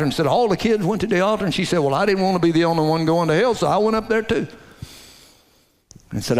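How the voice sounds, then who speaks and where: A man preaching a sermon, telling a story in a folksy way and dropping to a hushed low voice to stress his points. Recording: long hall reverb.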